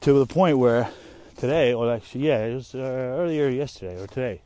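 A young man talks off the cuff while walking outdoors through the woods, swearing freely and restarting his sentences. His voice is mellow and a little dark, sitting at an ordinary pitch. He wanders from thought to thought in a loose, casual way. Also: fairly quick. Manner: rambling, profane, trailing off and restarting. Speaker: vlogger and parent.

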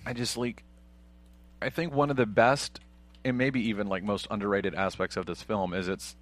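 A man with a fairly low voice chats casually while watching a film with friends. He rambles, circling back with lots of fillers as he talks. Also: steady tone, moderate pace, fairly bright tone. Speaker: podcast co-host. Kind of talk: casual movie watch-along chat.

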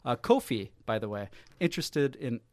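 A man hosting a sports podcast, talking in a joking, teasing, excitable way. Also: medium pitch, normal speed, dry recording, studio quality. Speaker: podcast host. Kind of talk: casual sports podcast banter.

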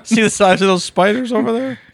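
A man's voice: sits high, brisk, gravelly, dry recording, clean studio sound. A man co-hosting a casual podcast, making wry, sarcastic asides. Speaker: podcast co-host. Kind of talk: casual chat.

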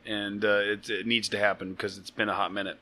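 Low, bright-voiced podcast host. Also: male voice, flat delivery, a little fast. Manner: rambling, many fillers, jokey. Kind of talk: casual podcast chat and plugs.

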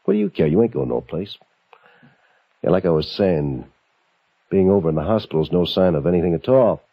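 A low-pitched male voice moves briskly as an actor plays a cruel escaped convict holding a couple hostage. He drawls and taunts them in a menacing, mocking tough-guy manner. It's vintage broadcast drama, heard on a lo-fi old recording with faint music.

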